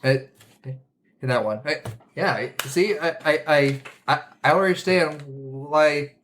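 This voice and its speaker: A man's voice: fairly high pitch, unhurried, a bit bright, a little hiss or hum. A man co-hosting a podcast in casual chat, hesitant and fumbling for names with lots of fillers. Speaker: podcast co-host.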